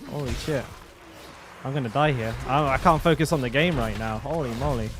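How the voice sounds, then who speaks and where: A man's voice: mid-range voice, fairly quick, over music. A man chatting casually to his live-stream audience while he plays a game, swearing freely, laughing, and often trailing off mid-sentence.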